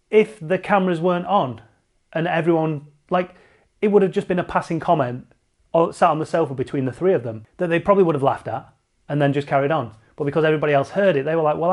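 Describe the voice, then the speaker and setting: Brief: male cycling vlogger, slightly high voice, sarcastic and animated. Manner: lively and sarcastic, mocks other voices. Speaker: cycling channel host. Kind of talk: animated vlog commentary.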